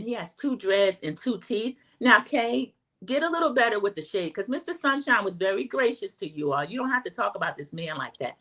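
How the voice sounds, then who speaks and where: Chatty, animated woman recapping a show. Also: medium pitch. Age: middle-aged. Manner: chatty, animated, talks straight to viewers. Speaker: host. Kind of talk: casual livestream recap chat.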